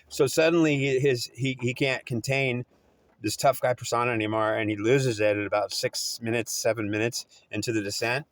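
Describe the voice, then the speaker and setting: A man's voice: mid-range voice, fairly even intonation, fairly quick, fairly bright tone. A man telling a story in a rambling, repetitive way, often restarting and correcting himself. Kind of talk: oral storytelling.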